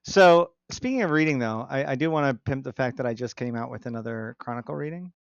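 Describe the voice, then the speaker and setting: A man's voice: medium pitch, quick pace, creaky, clear, resonant tone, no echo, lo-fi sound. A man on a casual podcast, eagerly explaining game lore at length. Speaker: podcast co-host. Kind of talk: casual chat.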